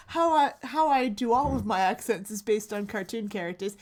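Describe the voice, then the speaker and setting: A woman's voice: fairly high pitch, lively intonation, normal speed, few pauses, darkish tone. A woman co-hosting a comedy podcast, chatting playfully and laughing often. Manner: giggly, playful, slips into silly accents. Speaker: podcast co-host. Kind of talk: casual comedy chat.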